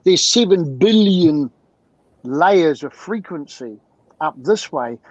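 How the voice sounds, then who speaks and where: A fairly high-voiced man talks as a guest mentor, animated and driving his points home with repeated rhetorical questions. The sound is dull and lo-fi, with a dry, close feel and no room around it. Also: takes it slowly, no room sound. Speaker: guest, emotional communication mentor. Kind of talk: video-call interview talk.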